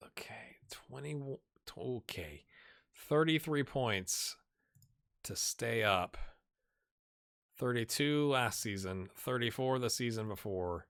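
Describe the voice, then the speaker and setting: A man's voice: mid-range voice, animated, slow, gravelly, fairly bright tone, clean tone. A man hosting a gaming channel, giving casual gameplay commentary, chatty and muttering asides to himself.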